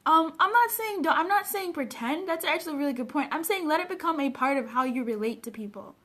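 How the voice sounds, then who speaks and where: A woman from Africa with a high, bright voice, talking earnestly and emotionally on a casual live stream. She coaches people on personal development and answers her viewers' comments straight to the camera, recorded at home on a webcam. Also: animated, fast.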